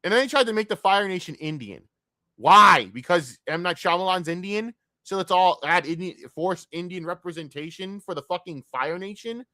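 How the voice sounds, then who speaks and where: A man ranting in a casual, profane stream rant, jumping from loud outbursts to low grumbling. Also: normal speed, no echo, clean studio sound. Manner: profane, excitable, swings between loud outbursts and mutters.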